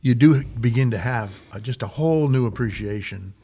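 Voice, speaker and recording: An older man speaking as a guest racing team leader, reflective and halting with many restarts. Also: mid-range voice, mellow. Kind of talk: reflective conversation.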